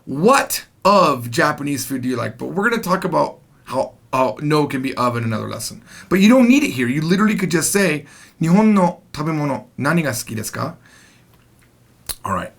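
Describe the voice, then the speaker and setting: A man with a slightly high, gravelly voice teaches a video lesson. He explains in a chatty, animated way, his pitch swinging up and down a lot as he talks. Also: fairly quick, hardly any pauses. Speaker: language teacher.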